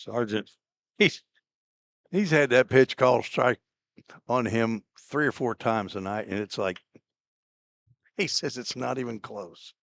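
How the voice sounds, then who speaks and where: A man doing relaxed, chatty play-by-play commentary on a baseball game, with easygoing asides between pitches. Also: unhurried, creaky, long pauses, dry recording. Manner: relaxed, chatty, laughs at own slips. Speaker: play-by-play announcer.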